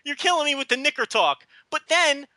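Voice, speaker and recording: A man's voice: extremely high pitch, lively intonation, brisk, bright, forceful tone, dry recording. A man co-hosting a podcast, chatting casually and rambling, with lots of stammered restarts and mocking asides. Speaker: podcast co-host.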